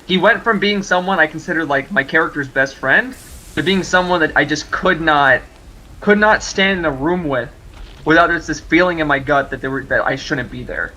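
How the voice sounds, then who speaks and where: A man's voice: on the high side, moderate pace, pushed and bright, a little hiss or hum, low-quality recording. A man in casual chat as a player in a tabletop game, rambling and repeating himself.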